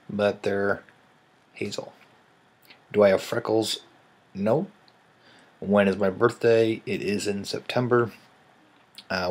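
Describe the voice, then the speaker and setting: Offhand man, low voice. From American Midwest. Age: 30s. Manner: offhand, rambling, dryly joking. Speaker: vlogger. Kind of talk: casual vlog answering viewer questions.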